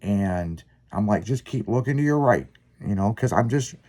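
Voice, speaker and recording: A man hosting a podcast, telling a long story in casual, profanity-laced chat with lively, rambling delivery. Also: lowish voice, moderate pace. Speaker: podcast host.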